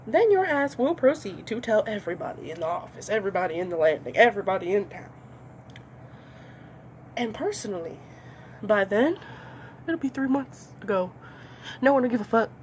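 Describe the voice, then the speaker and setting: A woman's voice: medium pitch, big pitch swings, moderate pace, pauses often, a little hiss or hum. A young woman doing a comedy monologue, ranting with lots of swearing and acting out voices. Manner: profane, ranting, acts out voices.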